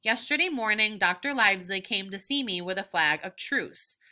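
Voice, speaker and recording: A woman's voice: mid-range voice, animated, normal speed, pushed and bright. A woman teacher reading aloud as a cunning old male pirate captain, talking in a persuasive, folksy way. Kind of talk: read-aloud of a novel.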